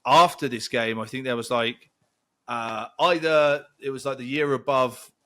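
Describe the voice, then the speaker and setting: A man chatting on a podcast, spinning a rambling, animated yarn. His voice sits in an ordinary middle pitch. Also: unhurried. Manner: rambling, animated storyteller with laughs. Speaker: podcast co-host. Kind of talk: casual storytelling chat.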